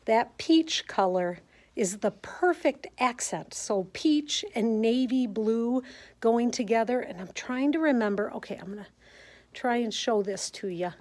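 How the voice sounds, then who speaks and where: With a Midwestern American accent, a quilting teacher chats casually as she films a show-and-tell walkthrough of quilts in a sewing center classroom. Her voice is fairly high and a little mellow, with lively intonation and a measured pace. She sounds chatty and enthusiastic, talking straight to viewers.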